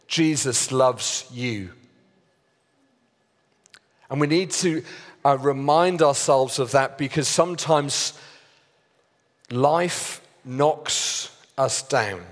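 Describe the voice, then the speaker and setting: Slow, earnest preacher in a church hall. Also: male voice, medium pitch. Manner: slow, earnest preaching with many pauses and fillers. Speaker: pastor. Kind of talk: sermon. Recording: long reverb of a church hall.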